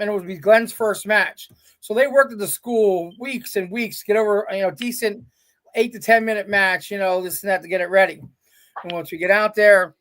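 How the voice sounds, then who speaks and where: A middle-aged man, a veteran wrestler, telling stories as a guest and voicing the people he quotes. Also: high-pitched. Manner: animated storyteller, quotes people in their own voices. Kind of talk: casual storytelling interview.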